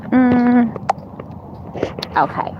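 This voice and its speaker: A woman hosts a casual livestream, chatting and laughing with her viewers as she walks outdoors to her car. Her voice sits a little high and comes through a handheld phone with a dull, muffled sound. Steady outdoor noise runs underneath. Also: drawn-out words. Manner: chatty, talks to chat readers, frequent laughs and fillers. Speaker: livestream host. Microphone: phone held in hand.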